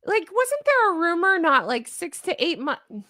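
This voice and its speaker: A woman's voice: very high voice, big pitch swings, unhurried, sharp tone, no room sound, clean studio sound. A woman hosting a livestream, chatting casually and opinionatedly with her viewers and reading their comments aloud. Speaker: livestream host. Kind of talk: casual commentary to a live chat.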